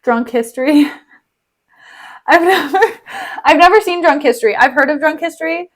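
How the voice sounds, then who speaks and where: A woman's voice: high-pitched, moderate pace. Giggly young woman streamer. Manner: giggly, slangy and chatty. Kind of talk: casual play reading with commentary.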